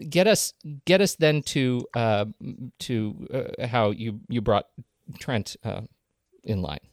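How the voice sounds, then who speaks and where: A man's voice: mid-range voice, big pitch swings, slow, no echo, studio quality. A man hosting a podcast interview, joking with his guests and steering the story along. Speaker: podcast host. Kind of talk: casual interview.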